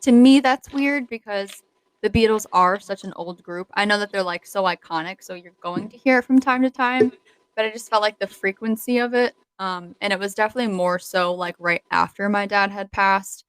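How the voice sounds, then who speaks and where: A young woman co-hosts a podcast, chatting casually in a smooth, mid-range voice at a moderate pace. She rambles and giggles, using lots of fillers, and the recording quality is low.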